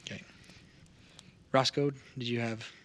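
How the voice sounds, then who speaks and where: A man's voice: medium pitch, fairly even intonation, a little slow, fairly bright tone, slight background noise. A man narrating a tabletop game as game master in a laid-back way.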